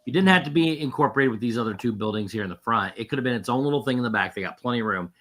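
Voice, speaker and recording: Man, podcast co-host, middle pitch, loose rambling delivery full of restarts. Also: expressive, very fast, a bit bright, a little hiss or hum. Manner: rambling, frequent fillers and restarts. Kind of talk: casual chat.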